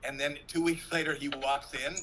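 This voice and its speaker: A man on a video-call panel, telling a candid personal story in an animated way. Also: fairly high pitch, normal speed, slight background noise, poor audio. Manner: animated storyteller, acts out swearing quotes. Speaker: comedian panelist.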